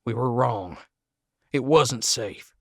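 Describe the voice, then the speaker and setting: A man voicing a bitter, menacing Southern man with a raspy, croaking voice and a Southern US accent, speaking slowly and accusingly. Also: medium pitch, a bit bright, no echo, clean studio sound. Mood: brooding. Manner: slow, brooding, accusing.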